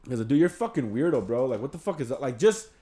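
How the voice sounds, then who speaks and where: A man's voice: medium pitch, very animated, fast, mellow. Man, casual storyteller, profane, rambling. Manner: rambling, swears freely, acts out quotes. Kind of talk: casual storytelling among friends.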